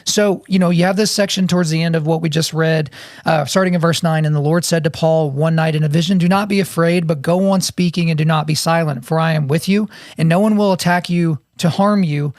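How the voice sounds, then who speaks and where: A man from Oklahoma hosting a casual Bible discussion podcast, talking in an animated, storytelling way and acting out quotes. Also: a little high, fairly quick, no room sound, studio quality. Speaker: podcast host.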